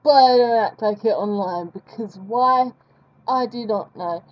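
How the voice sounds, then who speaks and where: Young girl rambling slowly while she draws, kinda high voice, jokes at her own expense, dull muffled mic. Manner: rambling, self-mocking chatter. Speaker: art vlogger. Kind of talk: casual chat while drawing.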